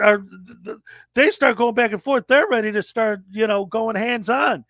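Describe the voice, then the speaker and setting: A man in his forties hosting a livestream, telling a story in a lively casual way and acting out the people he quotes. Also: high-pitched, normal speed, vocal fry, no echo. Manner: animated storyteller, acts out quoted voices. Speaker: livestream host.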